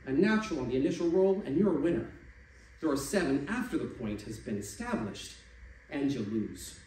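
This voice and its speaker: A man reading stories aloud at a live stage event, expressive and shifting voices for the figures. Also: fairly high pitch. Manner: expressive, changes voice for quoted figures. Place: stage venue. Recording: echoey room from a distance, faint noise.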